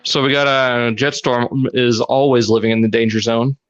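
A man co-hosting a podcast in casual chat, laid-back, chuckling, with halting starts. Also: mid-range voice, little pitch movement, muffled recording. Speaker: podcast co-host.

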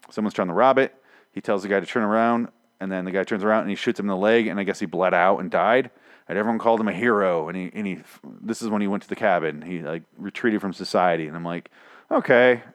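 A man's voice: lowish voice, dry recording, clean studio sound. Rambling, profane young man recapping a show. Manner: rambling and profane, with frequent restarts. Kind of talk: casual spoken recap.

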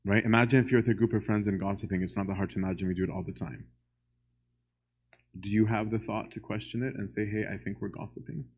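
Man, low-pitched voice, church lecture, conversational, poses questions to listeners. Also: steady tone, fast talker, darkish tone, slightly rough. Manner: conversational, often asks "right?"; poses questions straight to the audience.

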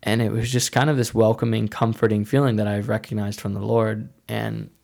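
A man's voice: fairly low pitch, little pitch movement, a little fast, vocal fry, darkish tone. A young man telling a personal faith testimony in a casual, rambling way, full of "like" and restarts. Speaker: speaker sharing a faith testimony.

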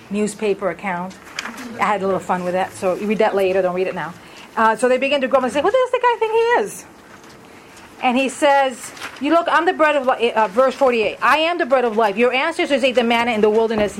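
Reading verses aloud, a woman Bible teacher keeps her study conversational and puts questions to the group in a mid-range voice. Slight background noise comes through the poor audio.

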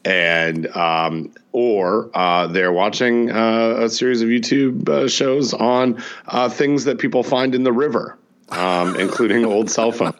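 A man co-hosting a podcast from home, talking casually and haltingly, with many uhs. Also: mid-range voice. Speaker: podcast co-host. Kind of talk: casual chat. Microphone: podcast microphone.

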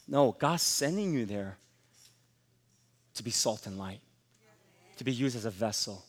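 A man preaching a sermon as pastor, emphatic and rising to forceful exhortation. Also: mid-range voice, lively intonation, normal speed, pauses often, big-room sound.

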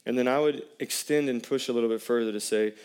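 A man's voice: medium pitch, fast, darkish tone, clean tone. A man, a pastor preaching a sermon in a conversational way and putting questions to the congregation.

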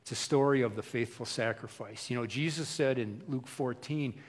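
A man's voice: mid-range voice, normal speed, few pauses, big-room sound. A male pastor preaching a folksy, conversational sermon full of repetition.

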